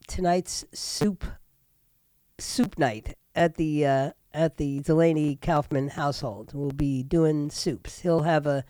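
A woman's voice: deep voice, mellow, dry recording. Older woman host, nasal and sick. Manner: rambling, chatty monologue with frequent fillers. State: sick with a stuffy nose. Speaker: radio talk show host. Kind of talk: casual talk radio monologue.

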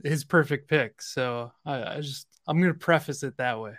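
An upbeat man hosts the show with a teasing, easygoing manner and quick asides. His voice sits at a middle pitch and sounds dry and close to the mic. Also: a bit bright, dry recording. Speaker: podcast host. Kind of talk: casual podcast hosting.

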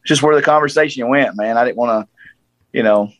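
Southern man in his forties, casual storyteller, dry close recording, mid-pitched voice. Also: fairly quick, no echo, rough recording. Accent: Southern American. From Tennessee, USA. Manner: animated storyteller, acts out quoted voices.

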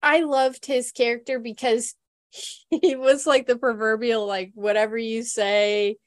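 Woman, podcast host, casual chat, chatty storyteller, slightly high voice. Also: steady tone, measured pace.

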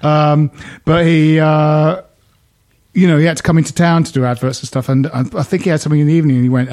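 Male podcast guest, slightly high voice, easygoing and agreeable, tells chatty stories. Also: fairly even intonation, fast talker, a little mellow. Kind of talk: casual football podcast chat.

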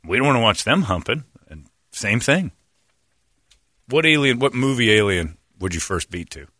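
A man co-hosting a podcast, bantering crudely, joking and mocking loudly with frequent laughter. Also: mid-range voice, lively intonation, moderate pace, no room sound, studio quality. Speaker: podcast co-host.

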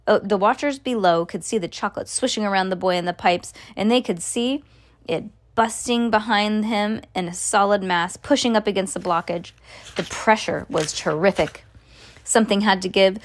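A woman reading a storybook aloud to a child, at a middling pitch. She reads casually, correcting slips and pausing to chat about the story. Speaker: reader to a child.

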